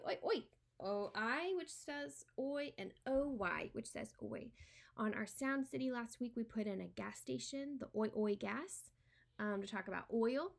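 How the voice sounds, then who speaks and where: A woman teaching a spelling lesson to a homeschool class. She dictates words slowly and clearly, and opens with a playful pretend phone call. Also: a little high.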